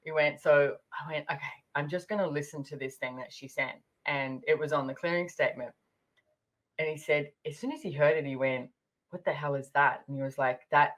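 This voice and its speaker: A woman hosting a podcast, talking casually and telling stories with lots of fillers. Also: low-pitched. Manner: chatty, storytelling, many fillers. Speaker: podcast host.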